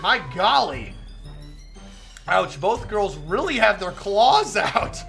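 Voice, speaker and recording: A woman streamer reacting in a chatty, animated way while reading a visual novel aloud. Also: mid-range voice, moderate pace, vocal fry, soft background music. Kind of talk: casual live-stream visual novel read-along.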